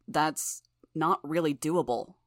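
A woman voicing a stubborn man who leads a team of capes, speaking in a flat, matter-of-fact way in an audiobook reading. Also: low-pitched, slow pace, no room sound, studio quality. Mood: steady, blunt. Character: steady male cape leader, stubborn and guarded.

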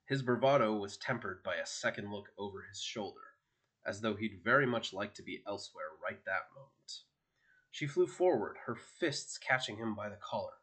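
A man narrates an audiobook chapter with a steady, expressive delivery. His voice sits on the low side. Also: normal speed.

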